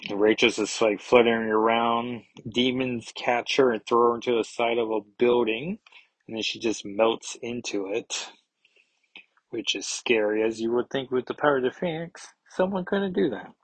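A man rambles through a casual comic book review, full of fillers and joking asides. His voice is husky and recorded dry, close to the mic with no room echo. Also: mid-range voice, moderate pace.

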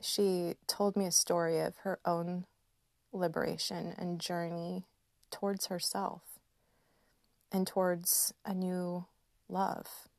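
A woman in her thirties hosting a podcast, speaking in a slow, gentle and emotional personal reflection with soft laughs. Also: fairly low pitch, flat delivery, creaky, no room sound, studio quality. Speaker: podcast host.

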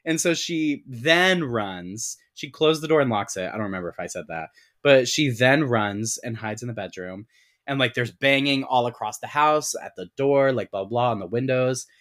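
A man's voice: mid-range voice, moderate pace. Man recapping a film in casual, profane chat. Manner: profane, animated storytelling with many "like" fillers. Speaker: podcast co-host.

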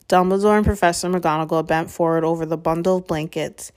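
A woman narrating a chapter of a storybook in a measured, steady way. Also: on the low side. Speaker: audiobook reader.

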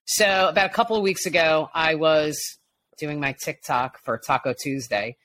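A woman from Long Island co-hosting a casual talk show, telling stories in a lively way and acting out what people said. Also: low voice, normal speed, a little hiss or hum. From Long Island, New York. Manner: animated storyteller, acts out quotes. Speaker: podcast co-host. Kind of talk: casual chat.

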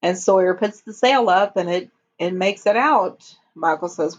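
Husky, slow-talking woman recapping. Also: on the low side. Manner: unhurried retelling with frequent ums. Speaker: podcast co-host. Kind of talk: casual episode recap. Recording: dull lo-fi audio.

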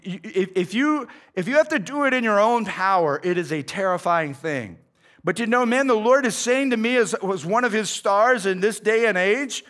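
High-voiced pastor preaching casually. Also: male voice, fairly bright tone. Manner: casual preaching, says "man" often, many restarts. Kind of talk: sermon.

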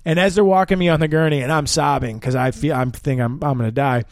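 A man's voice: a little high, fast talker, no echo, clean studio sound. A man telling a long story in casual chat, swearing often and acting out what people said. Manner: profane, animated storyteller acting out quotes. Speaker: guest.

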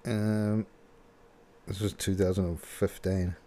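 A man's voice: deep voice, level tone, takes it slowly, warm tone. A man casually commenting on a video clip, laughing often and rambling with fillers. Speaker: reaction video host.

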